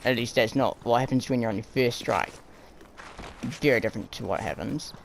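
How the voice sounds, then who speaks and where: A man's voice: brisk, gravelly, a little hiss or hum, poor audio. A young man telling stories from his school days in a casual, rambling way, full of fillers, acting out the people he quotes. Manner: animated, jumps high and low for quoted people. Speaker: storyteller. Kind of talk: casual storytime narration.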